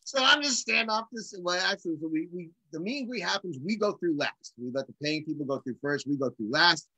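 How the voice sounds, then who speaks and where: A middle-aged man, a drummer, telling a story in casual conversation and acting out the quotes with animated energy. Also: on the high side, a little fast, slightly rough, no room sound, poor audio. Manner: animated, acts out quotes in lively voices. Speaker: guest drummer.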